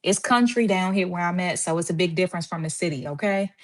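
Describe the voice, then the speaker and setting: A chatty woman from Washington, D.C. with a lowish voice hosts a relaxed live stream from home. She is slightly out of breath and greets her viewers one by one, peppering her talk with "y'all.". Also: fast. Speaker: host of a live stream for medical assistants. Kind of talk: casual live-stream chat.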